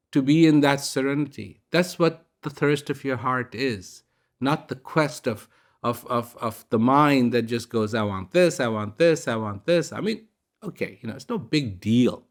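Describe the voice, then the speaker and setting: A man giving a casual, reflective spiritual talk, telling a parable in a gentle storytelling manner. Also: medium pitch. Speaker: speaker giving a reflective message.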